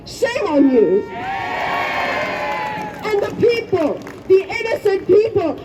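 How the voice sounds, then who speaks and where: A woman giving an impassioned protest speech outdoors, leading the crowd in chants. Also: very high voice. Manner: fervent, leads crowd chants. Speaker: rally speaker. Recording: distant, dull lo-fi, faint crowd.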